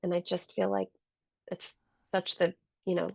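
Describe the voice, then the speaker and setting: A woman's voice: fairly low pitch, very animated, moderate pace, vocal fry, a little mellow, dry recording. A woman who owns a salon, telling heartfelt stories as a guest in a conversational interview. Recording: dull, lo-fi dry sound.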